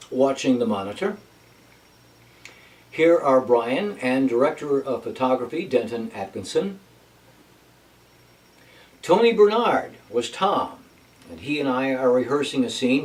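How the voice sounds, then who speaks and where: A man's voice: mid-range voice, a little mellow. Chatty man, a bit off mic. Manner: chatty, wry asides. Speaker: vlog host and actor. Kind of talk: casual personal update. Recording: voice from a distance off mic.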